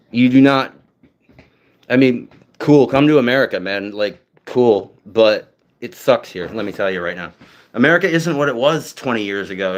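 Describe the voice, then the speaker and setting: A young man from New England talks loosely to his viewers as a streamer. He rambles, curses freely, and strings thoughts together with frequent fillers, all at a middling pitch. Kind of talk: casual chat with viewers.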